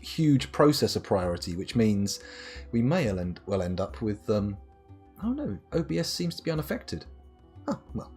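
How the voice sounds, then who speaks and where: A man streaming a game live, rambling and joking at his own expense. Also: mid-range voice. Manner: rambling, self-mocking, jokey. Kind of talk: live gameplay commentary.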